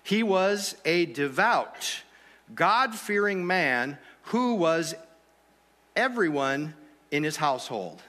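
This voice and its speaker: A pastor preaches to his congregation in an easy, conversational way, often checking in with rhetorical questions. His voice sits a little high and rings bright and forceful. The sound trails off in the long reverb of a church hall. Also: expressive, takes it slowly. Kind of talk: sermon.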